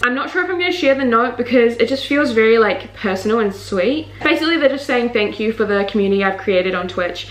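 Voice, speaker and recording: A woman in her twenties, a book vlogger, chatting casually and gushing excitedly as she unboxes, with lots of fillers. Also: fairly high pitch, fairly quick, few pauses, slight background noise. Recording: echoey room.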